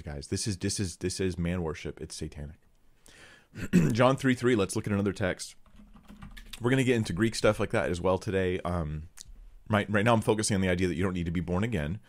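A man giving blunt, sarcastic Bible commentary to his viewers, reading verses and critiquing a teaching. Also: low voice.

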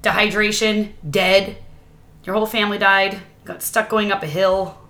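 Female co-host from the Pacific Northwest, bright tone, easy self-deprecating banter. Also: medium pitch, little pitch movement, normal speed. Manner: laughing, self-mocking banter. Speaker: podcast co-host. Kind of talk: casual chat.

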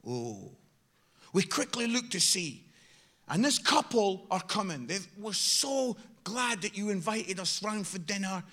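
A British man preaching a sermon full of funny personal stories, with lively swings from loud exhortation to quiet asides. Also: high voice, unhurried. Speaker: guest preacher. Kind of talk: sermon with humorous storytelling.

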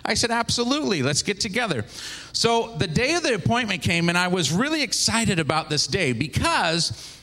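A traveling minister and former pastor in his 40s from the Seattle, Washington area tells a story to his congregation in a storytelling sermon. His voice sits a little high for a man and moves at normal speed, shifting lively to act out each character.

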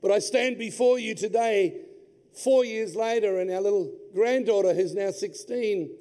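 A man, preaching a sermon in a large church hall and telling his own family story with deep feeling. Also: a little slow, mellow. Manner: heartfelt personal storytelling. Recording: long hall reverb.

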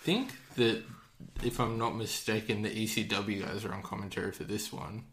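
A man with a fairly low voice chats casually through a wrestling recap and laughs a lot. The sound bounces around an echoey room. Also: fairly even intonation, moderate pace, fairly bright tone, slight background noise. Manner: laughs often, mimics wrestlers in quotes. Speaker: podcast co-host.

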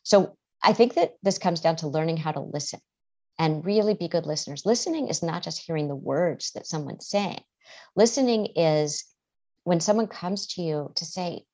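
A woman therapist explaining ideas calmly in a podcast interview, sometimes acting out what people say. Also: low voice, moderate pace. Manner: calm, explanatory, acts out quoted speech. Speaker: therapist, guest.

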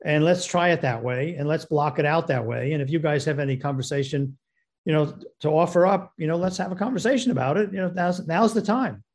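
Animated man retelling a story, slightly high voice. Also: fairly quick. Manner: animated retelling that acts out both sides of phone calls. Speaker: film producer and director telling a story as a guest. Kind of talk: storytelling anecdote.

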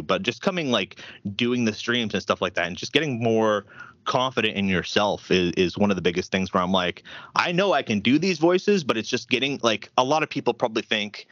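A man chats casually on a voice call about doing voices, tripping over restarts and fillers. His voice sits low and he talks quickly. The sound is dry and dull, like lo-fi call audio. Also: a bit bright, dry recording. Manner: hesitant, full of restarts and "like". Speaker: streamer and amateur voice actor. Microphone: voice call, camera off.

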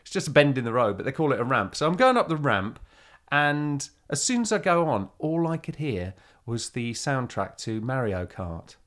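Woman, podcast co-host, casual chat, lively swooping pitch, animated storyteller. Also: normal speed. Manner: animated storyteller, acts out voices.

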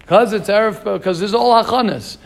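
Man, rabbi, informal Torah lesson, animated, quizzes students, gravelly voice. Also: sits high, brisk. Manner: animated, asks students questions, mixes in Hebrew terms. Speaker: rabbi teaching a class.

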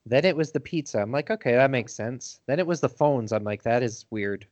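A man from Michigan co-hosting a podcast, chatting in a relaxed, reflective way. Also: medium pitch, fairly quick, no room sound, highs cut off. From United States, Michigan. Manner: laid-back, reflective, wraps up the episode. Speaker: podcast co-host. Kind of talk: casual chat.

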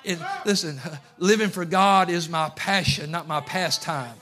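A man pastor preaching a fervent sermon, moving from quiet asides to shouting. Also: sits high, measured pace. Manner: fervent, swings from hushed to shouting.

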